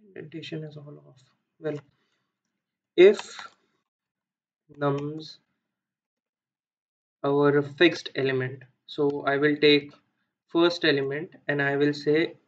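A man's voice: on the high side, highs cut off. A man with an Indian accent walking through a coding problem step by step, thinking aloud with many fillers and self-corrections. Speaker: coding tutor. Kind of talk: screen-recorded coding walkthrough.

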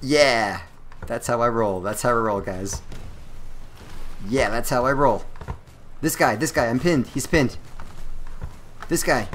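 A man giving casual gameplay commentary, excitable and exclaiming at the action. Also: medium pitch, unhurried, long pauses, slight background noise.

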